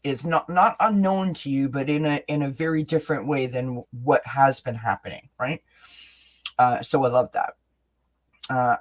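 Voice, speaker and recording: A man hosting a live tarot reading, encouraging and halting, with many fillers and restarts. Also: medium pitch. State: briefly emotional. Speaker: tarot reader, host.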